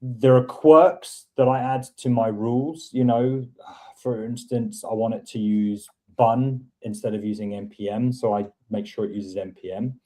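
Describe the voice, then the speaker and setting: A man's voice: medium pitch, fairly even intonation, unhurried, a little mellow. A man hosting a casual coding chat, thinking aloud and rambling with many restarts. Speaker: host teaching coding. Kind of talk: casual screen-share chat.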